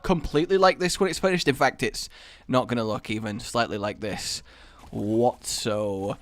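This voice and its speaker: Playful gaming commentator. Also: male voice, mid-range voice, very animated, a little fast, a bit bright. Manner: rambling, playful, jokey self-talk. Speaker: gaming video host. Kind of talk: gameplay commentary.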